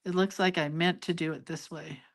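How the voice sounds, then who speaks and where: A woman's voice: on the low side, steady tone, normal speed. Chatty older woman teaching doodling. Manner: chatty, self-deprecating, laughs at her own mistakes. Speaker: hand-lettering and doodling teacher. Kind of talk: casual live drawing tutorial.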